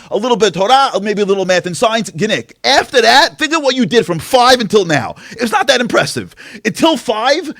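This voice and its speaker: A man giving an impassioned inspirational talk at an event, firing rhetorical questions and swinging from loud to hushed. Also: very high voice, dry recording, clean studio sound. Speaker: speaker at a Tisha B'Av event. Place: event venue.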